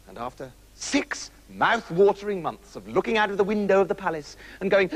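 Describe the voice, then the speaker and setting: A man narrating a comic fairy tale in a playful, animated way with jokey asides. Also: sits high, fairly quick, hardly any pauses, rough recording. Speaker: storyteller.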